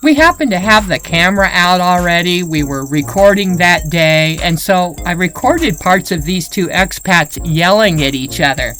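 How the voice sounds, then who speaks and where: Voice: mid-range voice, animated, normal speed, hardly any pauses, a bit bright, faint music behind, low-quality recording. A channel host narrating voice-over commentary in an earnest, explanatory manner.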